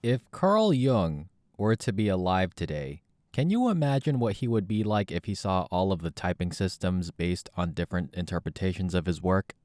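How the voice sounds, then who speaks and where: A man's voice: low-pitched, very animated, moderate pace, darkish tone, dry recording, clean studio sound. A man talking reflectively to camera in a casual, thoughtful vlog monologue. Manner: thoughtful, casual, slightly sardonic. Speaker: YouTuber.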